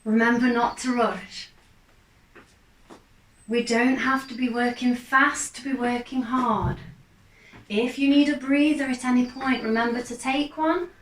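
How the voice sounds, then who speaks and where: A woman, a fitness instructor, calmly guiding a gentle exercise class with steady, encouraging cues. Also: fairly high pitch. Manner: calm, encouraging, unhurried cues. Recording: echoey room, mic far off.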